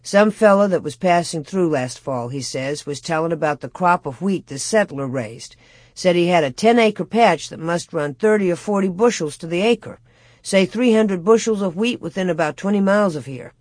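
A woman reading aloud, lowering her voice for a mild, steady pioneer father in an audiobook. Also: normal speed, no echo.

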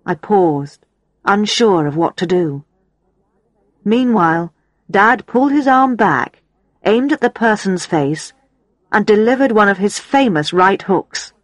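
A woman narrating a story in a steady storytelling manner. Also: mid-range voice, slow, no room sound. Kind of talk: audiobook narration.

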